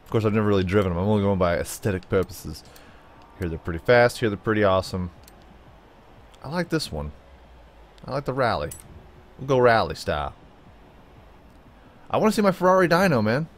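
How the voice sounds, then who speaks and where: Playful gamer guy, lively swooping voice. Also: fairly quick, pauses often. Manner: playful, chatty, talks to the car and viewers, jumps into high silly tones. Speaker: gaming YouTuber. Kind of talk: casual gameplay commentary.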